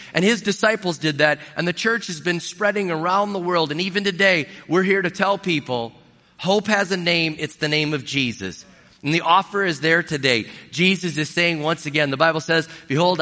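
Earnest pastor preaching in a reverberant hall. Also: male voice, high voice, bright, forceful tone. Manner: earnest, pleading, repeats key phrases. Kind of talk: sermon.

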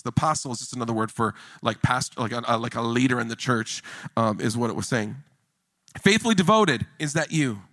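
Male pastor with a high, bright voice, animated jokey sermon delivery, dry close sound. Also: no echo. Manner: animated, jokey preaching with rising emphasis.

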